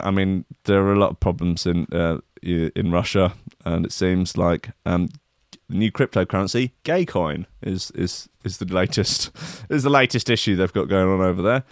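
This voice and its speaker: A man's voice: fairly low pitch, no echo, studio quality. A man hosting a comic riff on the news, rambling and sardonic, swearing and mocking himself. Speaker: comedian host.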